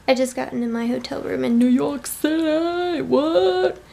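A woman's voice: high voice, steady tone, a little slow, gravelly, warm tone. A tired young woman chatting casually as she vlogs a tour of a small hotel room, with self-deprecating asides. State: tired and yawning. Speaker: vlogger.

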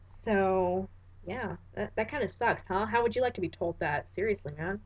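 A woman recites a poem with theatrical weight, then drops into relaxed, slangy commentary to explain each verse. Her voice sits at a middle pitch for a woman, and the recording is dull and lo-fi, as if captured at home. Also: measured pace. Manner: slangy, conversational asides between recited verses. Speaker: poetry explainer.

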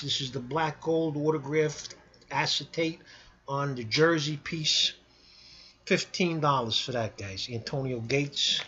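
A man giving a blunt, pushy casual sales pitch to camera while selling sports cards. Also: fairly bright tone, muffled recording. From New York. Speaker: sports card seller.

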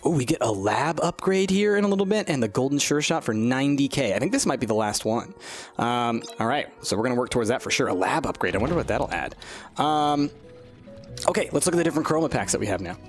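A man's voice: mid-range voice, lively intonation, fast, soft background music. A man hosting a let's-play, chatting casually and animatedly over gameplay and cooing at the game's creatures.

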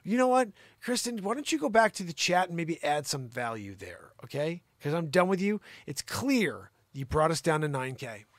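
A man hosts a live improv comedy show and rants at a caller in a mock-outraged, teasing way. His voice sits a little high for a man. The sound is close and dry, with no room echo. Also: sing-song, moderate pace, few pauses.

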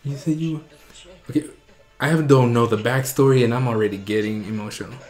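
A young man hosting a reaction video, talking casually and getting excited and emotional as he watches. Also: medium pitch, brisk, soft background music.

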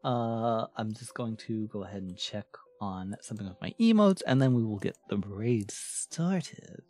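A man's voice: fairly low pitch, expressive, normal speed, a little mellow, faint music behind. Playful man streaming, laughing often. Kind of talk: casual live stream chat.

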